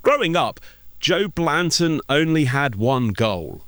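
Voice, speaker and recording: A man hosting a radio sports program, narrating a script and interviewing a guest in a measured, polished way. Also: on the high side, very animated, fairly bright tone, dry recording. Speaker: radio host.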